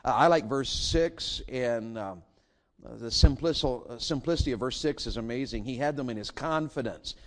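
A man's voice: mid-range voice, moderate pace. A middle-aged man, preaching a sermon and firing rhetorical questions at his congregation. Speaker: pastor.

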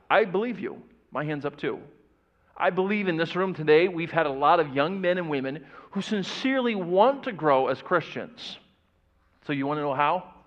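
A man preaching a sermon to a church audience, animated and engaging, asking them questions and putting on the voices of doubters. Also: fairly high pitch, in a large hall. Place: church sanctuary. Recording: dull, muffled church audio recording.

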